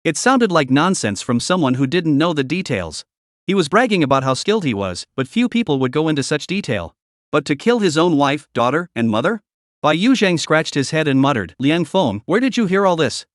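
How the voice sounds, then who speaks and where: A man narrating a recap story in a scripted, lively storytelling manner. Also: on the high side, fairly quick, no room sound, clean studio sound.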